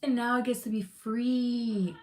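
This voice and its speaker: A woman's voice: fairly high pitch, fairly even intonation, unhurried, darkish tone, a little hiss or hum. A woman giving a live tarot reading to her chat, emphatic and reassuring, repeating phrases, swearing casually and getting emotional. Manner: emotional, close to tears at times. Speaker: tarot reader.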